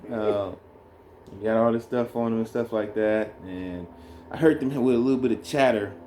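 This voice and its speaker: A man telling a birth story in a relaxed, rambling way, co-hosting a casual chat with his partner. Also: lowish voice, moderate pace, a little hiss or hum. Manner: rambling, animated when retelling. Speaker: co-host, new father.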